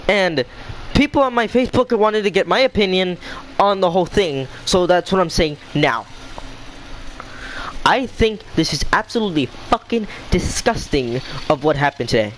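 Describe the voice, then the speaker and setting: A man's voice: high voice, expressive, moderate pace, fairly bright tone, slight background noise, poor audio. Angry young man ranting. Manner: heated, swearing, repetitive. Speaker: vlogger. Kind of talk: angry rant to camera.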